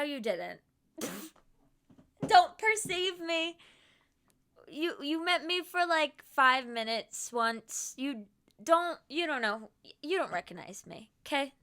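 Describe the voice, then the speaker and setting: A young woman streamer chatting casually on stream, speaking in a put-on Boston accent. She is animated and self-deprecating, acts out quotes and giggles often. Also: high-pitched. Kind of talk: casual chat. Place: home streaming setup.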